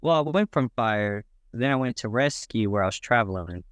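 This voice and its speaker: A man guesting on a podcast, walking through his trade in a laid-back, practical way. His voice is smooth and clear, picked up dry and close. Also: lowish voice, expressive, moderate pace, dry recording. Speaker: podcast guest, boat builder. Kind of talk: casual podcast conversation.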